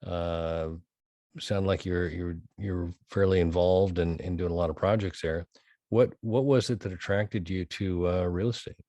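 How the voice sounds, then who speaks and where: Man, very deep voice, halting questions, dry sound. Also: steady tone, warm tone, dry recording. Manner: hesitant, halting with many fillers. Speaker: podcast host. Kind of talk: conversational interview questions.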